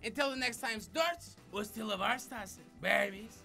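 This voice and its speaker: A man giving excitable game commentary in deliberately broken English, often shouting and swearing, with music playing under his voice. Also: high-pitched, creaky. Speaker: gaming commentator. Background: background music.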